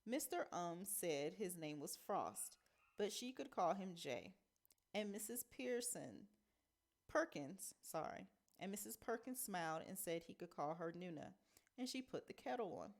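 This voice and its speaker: A woman teacher reading a novel aloud in a measured storytelling manner. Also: fairly low pitch, lively intonation.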